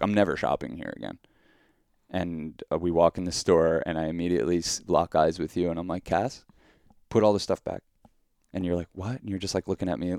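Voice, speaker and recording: A man's voice: sits low, darkish tone, clean tone, dry recording, clean studio sound. A man, a podcast co-host telling a rambling, profane story full of "like" and mock-outraged quotes. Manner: rambling, heavy use of "like". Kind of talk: casual storytelling.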